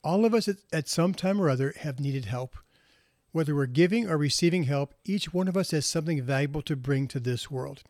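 Man, slightly high voice, gentle storytelling, unhurried with pauses, dry close sound. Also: no echo. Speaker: speaker sharing moral stories. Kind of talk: reflective storytelling talk.

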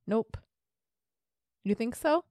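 Woman co-host, casual talker, slightly high, animated, dry close mic. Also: slow pace, no echo. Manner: lively, thinks aloud. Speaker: podcast co-host. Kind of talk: casual chat.

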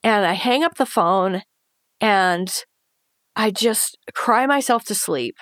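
Slowly, in a mid-range and slightly bright voice, a woman guesting in an interview tells a painful personal story. She delivers it earnestly and emotionally, voicing her past thoughts and other people's words, in a dry, clean studio recording.

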